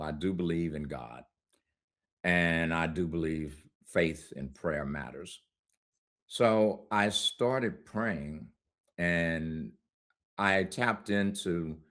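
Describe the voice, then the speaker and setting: A middle-aged man with a very low voice tells his own story as a guest in an interview. He talks candidly and conversationally, and laughs often as he goes. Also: fairly bright tone.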